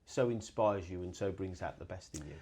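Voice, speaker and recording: Mellow low-voiced male interviewer. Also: brisk, slightly rough. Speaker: podcast host, interviewer. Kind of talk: interview questions.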